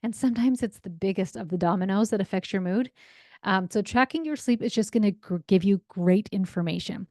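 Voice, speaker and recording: A woman in her forties talks as a parenting coach on her podcast, with a mid-pitched voice recorded close and dry. She is chatty and upbeat and checks in with "right?" as she goes. She slips into acted voices when telling stories about home life. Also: brisk, dark tone, no echo. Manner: acts out quoted voices in anecdotes. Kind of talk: solo podcast talk.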